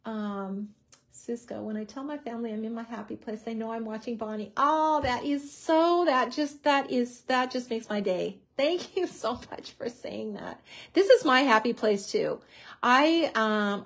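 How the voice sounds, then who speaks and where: A chatty woman hosts a live craft tutorial with a bubbly, easygoing manner. Her voice sits a little high, and she leans on fillers as she talks.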